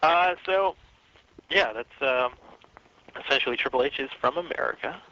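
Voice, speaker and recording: A man's voice: mid-range voice, moderate pace, slight background noise. A man co-hosting a wrestling podcast, wry and sarcastic in casual chat. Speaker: podcast co-host. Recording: dull lo-fi podcast audio.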